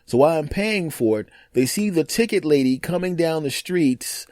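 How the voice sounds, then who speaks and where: Man, podcast host, animated storyteller, dry close mic. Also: fairly high pitch, no room sound. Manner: animated, acts out other people's lines in quick put-on voices. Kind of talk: casual storytelling monologue.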